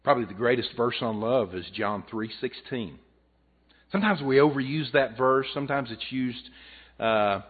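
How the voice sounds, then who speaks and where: A male pastor preaching a sermon, telling a story and swelling and dropping his voice for emphasis. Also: medium pitch. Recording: tinny phone-like audio.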